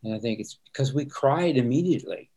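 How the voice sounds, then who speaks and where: A middle-aged pastor answers interview questions conversationally, his medium-pitched, warm voice expressive and quick. He speaks earnestly and reflectively, often repeating words as he begins sentences.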